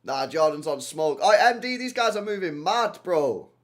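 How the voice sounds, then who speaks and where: A young man hosts a live football watchalong, bantering with his chat. His pitch sits a little high and swings widely as he goes. He teases and laughs along with his viewers in a loose, casual slang-filled way. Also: moderate pace. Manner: animated, teasing, often laughing at chat. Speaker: streamer hosting a football watchalong.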